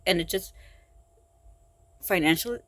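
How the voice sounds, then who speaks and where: A woman speaking in a personal vlog, tired and frustrated, talking haltingly with many sighs and restarts. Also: fairly low pitch, fairly bright tone. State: exhausted and frustrated. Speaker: vlogger.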